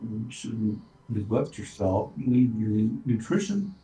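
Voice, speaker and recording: A man's voice: on the low side, sing-song, measured pace, mellow. A man playing a tabletop game, calling out his character's attacks in casual chat. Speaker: player. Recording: roomy, distant mic.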